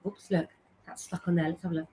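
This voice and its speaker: A woman's voice: on the low side, steady tone, quick pace, warm tone, a little hiss or hum. A middle-aged woman hosting a casual live stream, chatting as she reads out viewers' names and messages and giving tarot advice.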